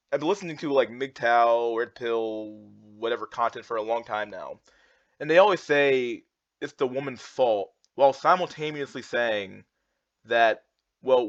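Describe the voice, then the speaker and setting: A young man with a mid-range, fairly bright voice rants heatedly while reacting to charts, repeating himself with heavy fillers and many restarts. The sound is dull, lo-fi and dry, with no room sound.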